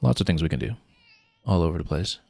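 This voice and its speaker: Low gravelly guy chatting over his game, plans stuff out loud, lots of uh's. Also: quick pace, no echo. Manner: thinking aloud, planning out loud with fillers. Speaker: streamer. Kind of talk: casual gameplay commentary.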